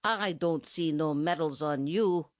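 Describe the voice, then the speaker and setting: A woman's voice: sits low, unhurried, no room sound. A woman voicing a stubborn, sarcastic German band musician with a heavy German accent and broken English, recorded dry for an audiobook. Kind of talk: audiobook character voice.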